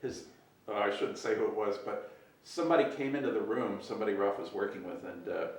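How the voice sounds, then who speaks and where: A man, an animator, telling a casual anecdote in an animated way and laughing often, recorded from a distant mic. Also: fairly low pitch, brisk, very echoey.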